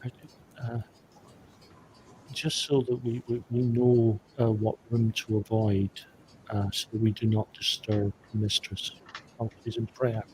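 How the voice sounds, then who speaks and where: A man's voice: on the low side, level tone, normal speed, darkish tone, a little hiss or hum, poor audio. A man playing in a tabletop game, stammering through restarts and making joking asides. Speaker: player. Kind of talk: casual tabletop play.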